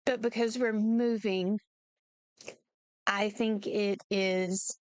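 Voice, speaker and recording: A woman's voice: medium pitch, fairly even intonation, slow pace, clear, resonant tone, dry recording. A woman co-hosting a casual chat, adding brief, wry comments. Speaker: podcast co-host.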